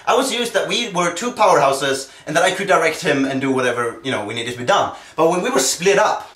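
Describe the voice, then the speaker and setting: A young man from Sweden with a Swedish accent, gushing and swearing through an excited rant about a co-op game. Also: high voice. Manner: animated, swears a lot, gushing. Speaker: video game ranter. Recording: echoey room, distant from mic.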